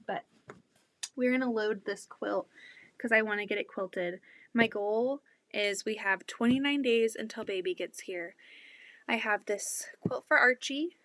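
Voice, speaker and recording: A woman chatting excitedly and a bit out of breath while showing quilts from her home sewing room, speaking into her laptop. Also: on the high side. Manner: chatty, excitable, laughs often. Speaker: quilting channel host. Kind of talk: casual livestream chat.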